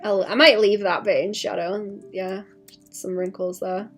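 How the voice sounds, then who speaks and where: Husky-voiced woman thinking aloud while drawing. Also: medium pitch, flat delivery, normal speed, soft background music. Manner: rambling, thinking aloud, playful sound effects. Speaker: artist streaming her drawing. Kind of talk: casual livestream commentary while drawing.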